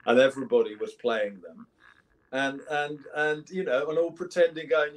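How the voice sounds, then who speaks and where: A man's voice: medium pitch, lively intonation, normal speed. A man in his seventies with an English accent, a guest musician chatting casually in an interview and telling rambling anecdotes full of restarts. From England. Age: 70s.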